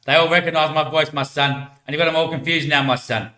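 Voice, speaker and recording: A man voicing a calm, knowing male guiding spirit who keeps calling the listener "my son". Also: fairly high pitch, fast talker. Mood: solemn. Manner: ends each sentence with "my son". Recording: echoey room.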